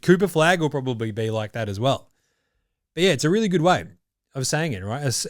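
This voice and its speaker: A man's voice: mid-range voice, no echo, clean studio sound. A man with an Australian accent hosting a basketball podcast in casual, profane, blokey banter. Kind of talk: casual sports chat.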